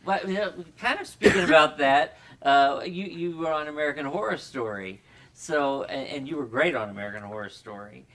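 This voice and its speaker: A man's voice: fairly high pitch, moderate pace, a bit bright. A man hosting a casual interview, talking in a rambling, hesitant way with many restarts. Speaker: talk show host.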